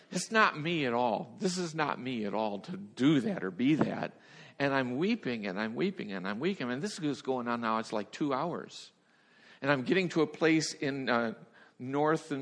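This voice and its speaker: A male preacher tells a personal story from the pulpit. His voice sits at an ordinary pitch, drops to a near hush at the tender moments and jumps up high and loud when he laughs. The sound trails off in a long, hall-like reverb. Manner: storytelling, swings from hushed to laughing high bursts. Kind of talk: sermon testimony.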